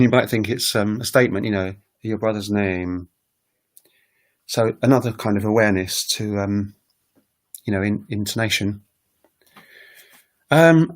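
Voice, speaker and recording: A man teaching on a casual livestream, talking in a rambling, hesitant way with many fillers. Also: medium pitch. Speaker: language teacher and recorder player. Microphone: webcam livestream setup.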